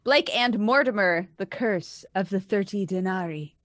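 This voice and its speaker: A woman's voice: medium pitch, measured pace, no room sound. A woman co-hosting a casual gaming podcast, enthusiastic and casual, swearing now and then. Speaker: podcast co-host. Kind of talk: casual chat.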